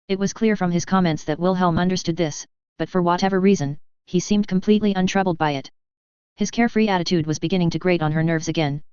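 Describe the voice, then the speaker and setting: A steady storyteller reads a fan fiction aloud, very smooth and clear. The sound is dry with no room, and a touch dull and lo-fi. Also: medium pitch, no echo. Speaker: narrator. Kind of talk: audiobook fan fiction reading. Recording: dry, slightly dull lo-fi recording.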